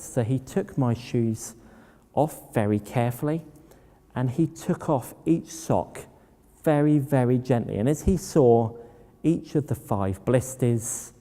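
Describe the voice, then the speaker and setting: Mellow-voiced man telling stories in a hall. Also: medium pitch, takes it slowly. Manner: anecdotal, plain-spoken storyteller. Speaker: public speaker. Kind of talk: storytelling talk. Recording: long hall reverb.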